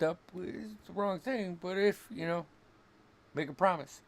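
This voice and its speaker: Joking player in a tabletop game. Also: male voice, high voice, fairly even intonation, measured pace, a little hiss or hum. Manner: casual, slangy, joking. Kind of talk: in-character tabletop role-play.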